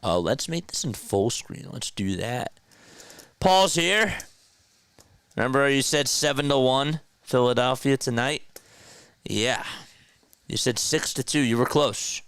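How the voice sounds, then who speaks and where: Smooth-voiced male sports livestream host. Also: medium pitch, animated, measured pace, long pauses, a bit bright, dry recording. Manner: chatty, reads viewer comments aloud. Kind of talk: casual livestream chat. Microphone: podcast mixer setup.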